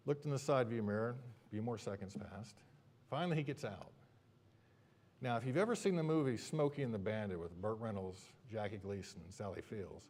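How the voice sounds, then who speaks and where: A preacher telling a humorous personal story during a sermon, with lively, animated delivery. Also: male voice, fairly low pitch.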